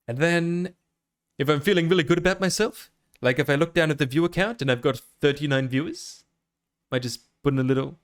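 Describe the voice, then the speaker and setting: A man's voice: fairly high pitch, normal speed. Rambling Australian man streaming. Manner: rambling, self-amused, with frequent fillers and laughs. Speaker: VTuber streamer. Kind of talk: casual live-stream chat.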